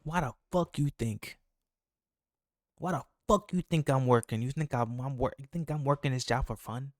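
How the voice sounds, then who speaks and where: A man's voice: medium pitch, normal speed, dry recording, clean studio sound. A man hosting a reaction video, commenting in a heated, emphatic, profane way. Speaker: reaction channel host.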